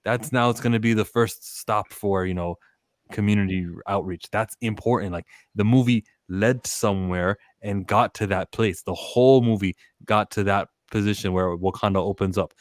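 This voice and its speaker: A man's voice: fairly low pitch, moderate pace, no room sound, clean studio sound. A man talking casually and with energy about a film, often acting out lines from its scenes. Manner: animated, acts out quotes from scenes. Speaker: podcast guest. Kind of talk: casual movie discussion.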